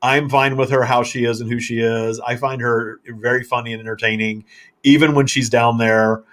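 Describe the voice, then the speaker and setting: A man hosting a casual live-stream chat, telling stories in an animated way and laughing often. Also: mid-range voice, moderate pace. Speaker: host.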